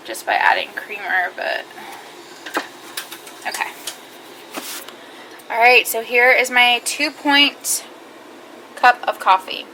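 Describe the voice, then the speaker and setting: A young woman chatting casually to camera in her home kitchen, upbeat and giggly. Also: fairly high pitch. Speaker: vlogger. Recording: home camera with clear background noise.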